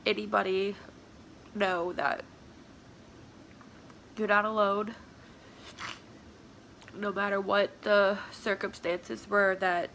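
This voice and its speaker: A tearful, sniffling woman talking at home in a personal confessional vlog, halting and soft, slipping into whispers. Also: mid-range voice, slight background noise. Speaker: vlogger.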